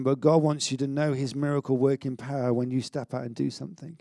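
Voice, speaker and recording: A middle-aged man preaching a sermon in an energetic, conversational way, with stammered restarts and self-mocking humour. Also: medium pitch, fast, gravelly, hardly any pauses, no room sound, clean studio sound. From Wales. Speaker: pastor.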